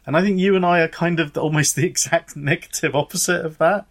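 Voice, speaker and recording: Man, podcast host, casual chat, dry, deadpan, hesitant. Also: a little high, fast talker.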